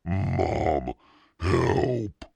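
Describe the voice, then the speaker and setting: A man's voice: extremely low pitch, unhurried, gravelly, sharp tone, breathy edge, no room sound, pitched above the performer's own voice, exaggerated voice. A man voicing a frightened young boy in a bug costume, crying out in panicked pleas. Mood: terrified. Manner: panicked pleading cries.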